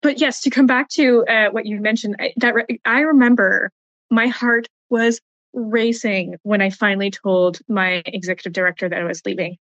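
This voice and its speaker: A woman psychotherapist guest telling her story in an animated, conversational way. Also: mid-range voice, no echo, dull audio. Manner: storytelling, animated, quick asides. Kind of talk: conversational interview.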